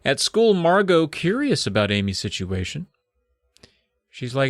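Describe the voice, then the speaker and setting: A man co-hosting a comedy podcast, retelling a plot with jokey, animated storytelling. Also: mid-range voice, measured pace, long pauses, dry recording, clean studio sound. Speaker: podcast co-host.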